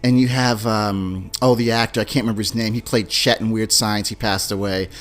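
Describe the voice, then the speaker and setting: A man hosting a casual podcast, telling movie scenes in an animated way and imitating beeps and lines. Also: fairly low pitch, brisk. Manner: animated storyteller, mimics beeping sounds and movie lines. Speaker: podcast host.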